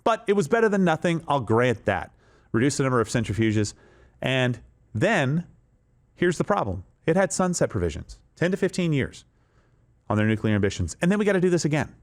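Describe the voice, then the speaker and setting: A male host talking through political commentary with emphatic, often sarcastic delivery. His pitch moves a lot, rising and falling as he makes his points. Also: very animated, fairly quick.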